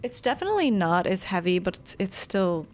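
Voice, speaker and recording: A woman's voice: medium pitch, big pitch swings, fairly quick, a little mellow, soft background music. A woman streamer chatting casually and candidly between game scenes. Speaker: streamer doing game voiceover. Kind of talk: casual chat.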